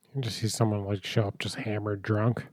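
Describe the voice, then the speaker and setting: A man's voice: lowish voice, little pitch movement, fairly quick, a little mellow, dry recording, studio quality. A man co-hosting a casual podcast, a cook who talks in a thoughtful, hedging way. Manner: thoughtful, hedging, many fillers.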